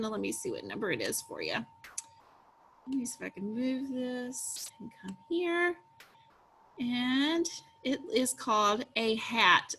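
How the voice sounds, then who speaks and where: A woman teacher walks young children through an early-reader book from a screen-share lesson. Her voice sits a little high and rings bright. She prompts slowly and encouragingly in a sing-song way. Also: slight background noise.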